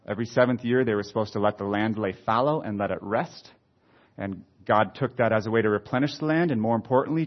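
A man preaching, reading scripture aloud slowly and then adding conversational comments. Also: on the low side. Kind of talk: expository Bible teaching. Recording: slightly dull lo-fi sound.

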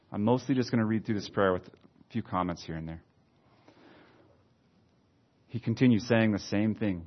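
A man preaching, reading scripture aloud slowly and then adding conversational comments. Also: on the low side. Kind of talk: expository Bible teaching. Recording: slightly dull lo-fi sound.

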